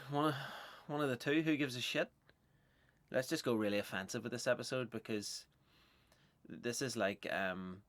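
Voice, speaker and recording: A man's voice: lowish voice, a bit bright, dry recording. A man from Northern Ireland with a Northern Irish accent, a stand-up comedian hosting a podcast in a loose, self-mocking ramble with swearing.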